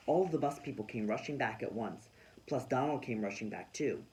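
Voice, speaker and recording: A man reading a children's storybook aloud in a lively, expressive way. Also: medium pitch, a little fast, rough recording. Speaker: children's book reader.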